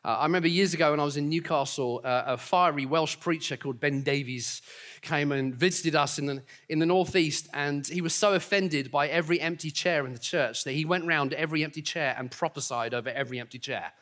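A man's voice: fairly high pitch, brisk, fairly bright tone. A man preaching a sermon as pastor to his congregation, upbeat and confident, with friendly asides. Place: church auditorium.

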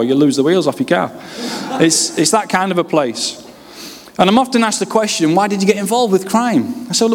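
A man in his late thirties from West Yorkshire, with a Yorkshire accent, preaching his personal testimony with humorous, lively storytelling. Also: high-pitched. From West Yorkshire, England. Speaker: pastor. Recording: reverberant hall.

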